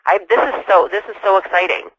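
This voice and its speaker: A woman's voice: medium pitch, fast talker, fairly bright tone, slightly rough, dry recording, low-quality recording. A woman speaking as a guest expert in a sales webinar, chatty and enthusiastic.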